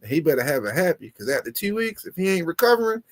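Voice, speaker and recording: A man on a casual talk show, telling a story in an animated, exasperated way and swearing often. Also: on the high side, quick pace, no echo. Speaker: podcast co-host.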